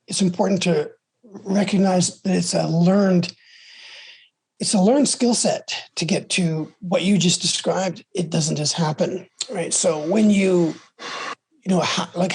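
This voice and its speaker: A man's voice: high voice, fairly even intonation, measured pace, husky. A middle-aged man speaking as a podcast guest, telling his story candidly and emphatically, often restarting and repeating himself. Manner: emphatic, with frequent restarts and repetitions. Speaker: podcast guest, abuse-survivor advocate.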